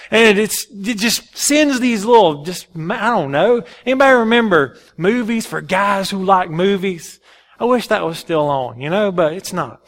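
A male pastor preaching a sermon in an animated, folksy storytelling way. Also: high-pitched.

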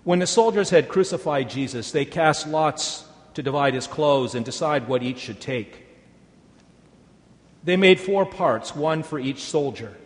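A man giving a measured, solemn scripture reading. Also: a little high, lively intonation. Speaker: scripture reader. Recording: long hall reverb.

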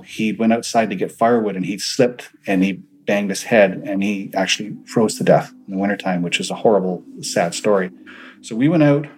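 A man's voice: fairly low pitch, a little mellow, low-quality recording. A man, a paranormal investigator, earnestly recounting his investigations in an interview and acting out the dialogue he quotes.

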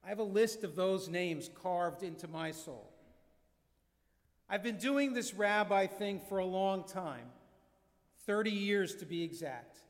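Rabbi, fifties, high-pitched man, earnest storyteller at the pulpit, big echoing hall. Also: expressive, measured pace. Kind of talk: sermon. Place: synagogue sanctuary. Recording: long reverb of a large hall.

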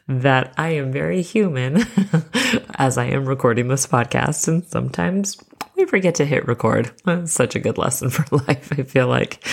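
Very low gravelly-voiced woman podcast host. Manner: chatty, laughs at herself, encouraging. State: congested from allergies. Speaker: podcast host, parenting coach. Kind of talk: casual solo podcast talk.

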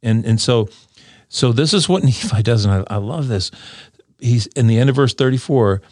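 An earnest man in a casual scripture discussion, talking in a mid-pitched voice. He often repeats his opening words and reads verses slowly and deliberately. The sound is dry and close, in a small room. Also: expressive, darkish tone, no echo. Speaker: podcast co-host discussing scripture.

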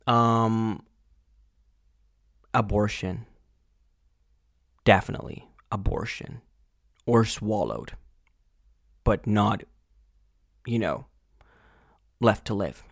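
A male podcast host ranting angrily and profanely in a casual monologue, full of fillers and sudden loud outbursts. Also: lowish voice, extremely slow, creaky, pauses often, dry recording, clean studio sound. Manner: angry, exasperated, profane.

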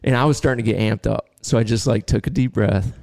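A man hosting a podcast, telling a long story in a casual, animated way and laughing now and then. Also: on the low side, fast talker, vocal fry, dry recording, studio quality. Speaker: podcast host and dog trainer.

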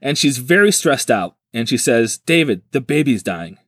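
A man's voice: medium pitch, big pitch swings, moderate pace, a bit bright, no room sound, studio quality. A man hosting a podcast, retelling a strange story in casual, joking chat and acting out the quotes. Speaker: podcast host.

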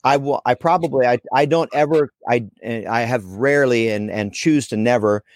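A man's voice: medium pitch, normal speed. A man speaking as a guest on a casual podcast, rambling and correcting himself with dry jokes. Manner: rambling, self-correcting, joking.

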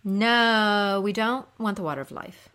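A woman voicing tiny, sympathetic fairy-like creatures that echo a queen's cries in a slow lament. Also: mid-range voice, a bit bright, close to an everyday voice. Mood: polite.

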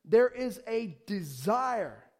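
A man with a notably high-pitched voice preaches a sermon in a loose, conversational way. He is enthusiastic and keeps throwing rhetorical questions at the congregation, often restarting his sentences. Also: very animated, slow pace, darkish tone. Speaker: pastor.

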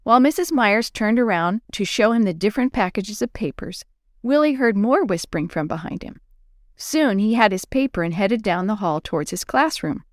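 A woman narrating a children's Bible story in a clear, expressive storybook manner. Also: medium pitch, normal speed, no room sound, clean studio sound.

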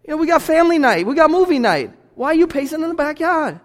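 An exasperated father, incredulous and pleading, scolding his anxious child, as a man puts him on. His voice sits high and strained. A long church reverb trails each line. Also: big pitch swings, fast talker.

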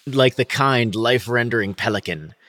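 A man's voice: medium pitch, normal speed, fairly bright tone, dry recording, clean studio sound. A man co-hosting a casual podcast, switching between swearing banter and dramatic readings of old verse. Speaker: podcast co-host. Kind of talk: casual chat with read-aloud lines.

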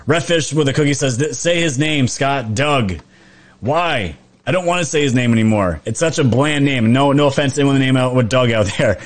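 A man's voice: medium pitch, fast, hardly any pauses. Chatty New man live-streaming. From New York. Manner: chatty, laughs often, fillers and restarts. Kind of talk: casual live-stream chat reading viewer comments.

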